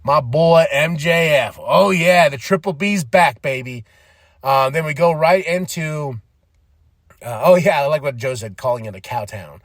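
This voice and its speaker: A man's voice: a little high, measured pace, fairly bright tone, no room sound, studio quality. A man hosting a podcast, giving rambling, enthusiastic fan commentary and often laughing. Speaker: podcast host. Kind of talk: casual commentary.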